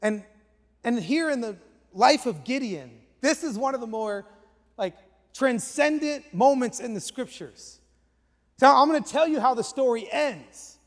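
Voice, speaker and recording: High-voiced pastor preaching in a reverberant hall. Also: male voice, measured pace. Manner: lively storytelling, dropping to hushed asides. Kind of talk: sermon.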